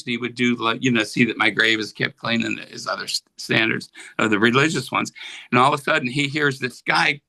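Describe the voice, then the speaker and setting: A gravelly, medium-pitched man in his seventies from Pennsylvania, USA, speaks in a sharp tone over poor audio. He's a guest musician in a casual interview, telling rambling anecdotes and acting out voices when he quotes people.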